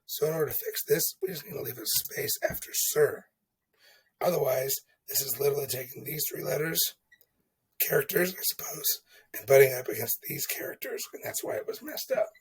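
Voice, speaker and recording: A man's voice: a little high, normal speed, vocal fry, slightly rough, rough recording. A man explaining coding exercises in a casual lesson, chatty and thinking aloud, often checking in with "okay?". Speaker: teacher walking through coding exercises. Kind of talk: casual screen-recorded lesson.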